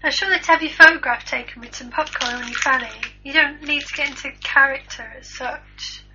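A woman's voice: high-pitched, steady tone, brisk, bright, forceful tone, slight background noise. A woman co-hosting a casual homemade chat show, trading crude jokes about celebrity gossip. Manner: crude, joking banter. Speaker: podcast co-host. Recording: lo-fi home recording.

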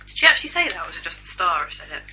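Woman, casual news chat co-host, dry jokes, piercingly bright tone, lo-fi recording. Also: lowish voice, big pitch swings, racing, soft background music. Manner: dry, joking news rundown. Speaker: podcast co-host. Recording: lo-fi home recording.

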